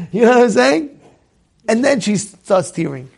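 High-pitched gravelly man telling a story. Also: a little slow. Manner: animated, repeats words and restarts often. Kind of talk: casual anecdote.

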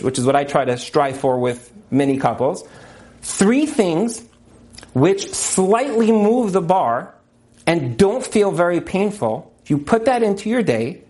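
Male religious teacher, high voice, emphatic delivery that hammers key points home. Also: darkish tone. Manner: emphatic, repeats key points, acts out quotes. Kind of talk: motivational religious talk.

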